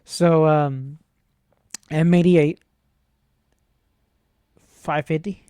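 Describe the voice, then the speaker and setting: A man's voice: a little high, fairly even intonation, normal speed, warm tone, no room sound, clean studio sound. Playful man rambling about microphones. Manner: playful, jokey, talks to himself and laughs often. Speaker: vlogger. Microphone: close studio microphone.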